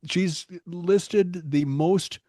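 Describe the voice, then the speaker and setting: A man's voice: sits high, very slow, dark tone, dry recording, clean studio sound. Wry older man hosting a podcast. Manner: wry, joking, reads headlines aloud with commentary. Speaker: podcast host. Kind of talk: casual podcast chat.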